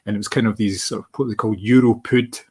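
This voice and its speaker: A man's voice: on the low side, fairly even intonation, fast, a little mellow, slightly rough. A man, co-hosting a film podcast in a rambling, casual way. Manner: rambling, many restarts. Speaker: podcast co-host.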